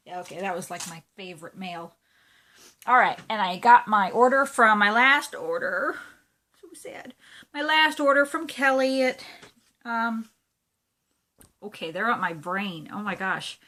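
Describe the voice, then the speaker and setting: Chatty, gushing woman with a bright voice. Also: medium pitch, measured pace. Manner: chatty and gushing, with many fillers. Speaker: cross-stitch vlogger. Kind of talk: casual show-and-tell chat.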